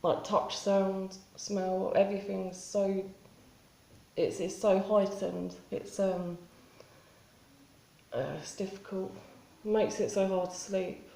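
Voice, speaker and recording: A woman talking in a spontaneous confessional vlog, halting and rambling with many restarts and fillers. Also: medium pitch, flat delivery, vocal fry, mellow, reverberant, rough recording. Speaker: vlogger.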